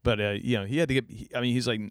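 A man's voice: mid-range voice, fairly even intonation, rapid-fire, no room sound, studio quality. A man hosting a casual podcast, talking enthusiastically and rambling with many restarts. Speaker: podcast host. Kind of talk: casual chat.

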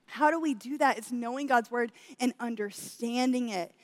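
Chatty high-voiced woman preaching in a hall. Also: moderate pace. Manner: chatty, laughs often, says "y'all". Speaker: church speaker. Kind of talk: sermon with personal story.

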